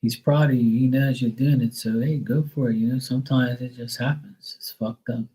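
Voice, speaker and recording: A man's voice: mid-range voice, steady tone, moderate pace, warm tone, low-quality recording. A man hosting a live tarot reading stream, talking casually, bluntly and with frequent swearing. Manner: blunt, profane and candid.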